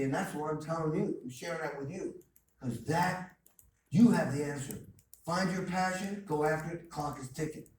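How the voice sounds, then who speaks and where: Guy giving a pumped-up motivational talk, kinda high voice, recorded from way back in a big echoey hall. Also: a little mellow. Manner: emphatic, storytelling, repeats phrases. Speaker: guest speaker. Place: college lecture hall. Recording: distant, echoey hall with faint noise.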